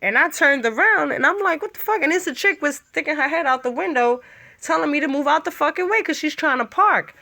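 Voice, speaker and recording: Woman radio host, 30s, high-pitched, lively, swears a lot, casual storytelling. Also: fairly quick, vocal fry. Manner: animated, profane, laughing.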